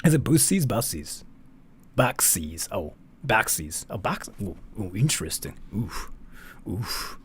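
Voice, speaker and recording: A man from Japan hosting a live stream, chatting casually and reading donations in a rambling, excitable way with frequent mild swearing. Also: on the low side, unhurried, breathy edge. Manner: animated, rambling, swears mildly and often.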